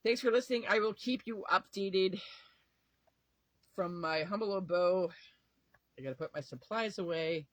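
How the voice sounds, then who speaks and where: A man's voice: sits high, normal speed, pauses often, fairly bright tone, no echo, low-quality recording. A tired man venting to camera at home in a rambling, profane, emotional way, often trailing off and restarting. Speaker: vlogger. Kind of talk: casual talk to camera.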